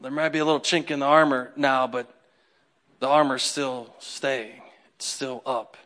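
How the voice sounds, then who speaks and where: A man preaching a sermon in a conversational, animated way, acting out the people in his stories. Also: medium pitch, measured pace. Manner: animated, conversational, acts out quotes. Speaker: pastor.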